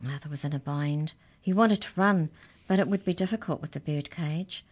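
A woman reading a children's storybook aloud in a measured, unhurried way. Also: sits low, darkish tone, breathy edge.

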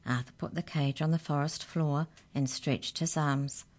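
Low-voiced woman reading a children's story. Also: steady tone, measured pace, darkish tone.

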